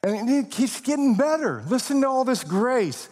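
A man preaching a sermon as pastor, with expressive, deliberate emphasis and occasional laughs. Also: very high-pitched, breathy edge, in a large hall.

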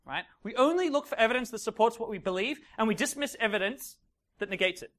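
A man coaching a live audience as a dating coach. He talks in an animated way, acts out little scenes and keeps checking in with "right?" and "okay?". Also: high-pitched, fast talker. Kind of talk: live seminar talk to an audience.

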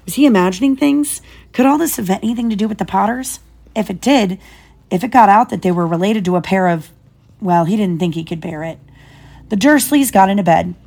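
A woman's voice: mid-range voice, lively intonation, a little fast, vocal fry, darkish tone. A mother reading a children's novel aloud to her child, stopping now and then to explain things. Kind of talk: storybook read-aloud.

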